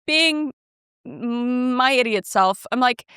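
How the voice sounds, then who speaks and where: A woman's voice: fairly high pitch, lively intonation, slow, a bit bright, clean tone, dry recording, studio quality. A woman co-hosting a podcast, telling a rambling, self-mocking story in casual chat and quoting herself and others. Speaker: podcast co-host.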